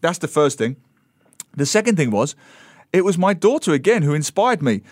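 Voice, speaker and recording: A middle-aged man, a book author as the radio interview guest, telling an animated story and slipping into voices for quoted people. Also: on the high side, moderate pace, dry recording, studio quality. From Britain.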